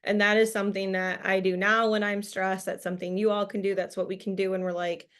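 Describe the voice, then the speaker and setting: A woman's voice: medium pitch, little pitch movement, fairly quick, a bit bright. A woman leading a business training over a video call, giving a casual, upbeat motivational talk full of fillers and laughs. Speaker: team leader presenting a business training call.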